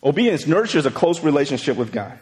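A man's voice: a little high, big pitch swings, quick pace, a little mellow, long reverb tail. A man in his forties preaching a casual, conversational sermon, telling stories and checking in with frequent asides. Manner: chatty, storytelling, frequent "right?" asides. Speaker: pastor.

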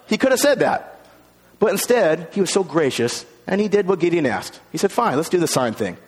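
A male pastor preaching a sermon, animated, acting out the voices in the stories he tells. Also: high-pitched, a little fast, breathy edge, long reverb tail. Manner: animated, acts out voices in quotes.

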